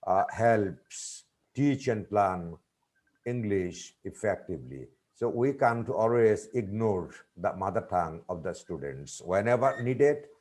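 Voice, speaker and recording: A man giving a webinar lecture on teaching vocabulary, speaking deliberately and spelling out words letter by letter. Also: on the low side, a little mellow. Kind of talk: lecture presentation.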